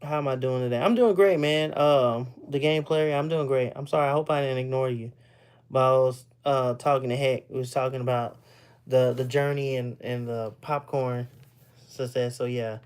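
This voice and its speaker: A man's voice: medium pitch, steady tone, moderate pace, a little mellow, clean tone. Rambling man chatting with viewers. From Texas, US. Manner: loose and rambling, repeats words, laughs often. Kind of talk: casual live-stream chat.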